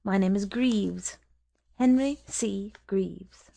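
A reserved, courteous middle-aged gentleman, as a woman reads him. He speaks softly in a mellow, gravelly voice. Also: medium pitch, slow pace.

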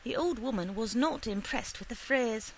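A woman reading a short story aloud in a steady, unhurried storytelling manner. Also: on the high side, a little hiss or hum, low-quality recording. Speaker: reader.

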